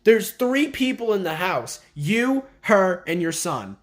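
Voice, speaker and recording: A man with a slightly high voice recaps a TV episode in a sarcastic, profane rant. He sounds exasperated and talks casually to the camera. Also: very animated, slow pace. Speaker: video commentator. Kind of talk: ranting TV show recap.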